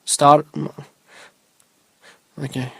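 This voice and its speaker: A young man hosts his own solo podcast, chatting casually in a rambling, laid-back style full of ums and loose asides. He draws out his words, and the recording is dry.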